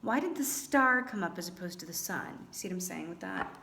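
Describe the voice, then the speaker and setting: A young woman reading tarot cards for her viewers in a chatty, animated way, thinking aloud with lots of fillers. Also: lowish voice, brisk. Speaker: tarot reader. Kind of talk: casual tarot reading to camera.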